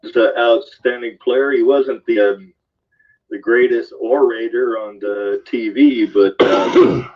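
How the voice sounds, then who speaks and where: A man co-hosting a casual political chat, speaking haltingly with many ums and uhs and swearing casually. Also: medium pitch. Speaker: podcast co-host. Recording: dull lo-fi sound.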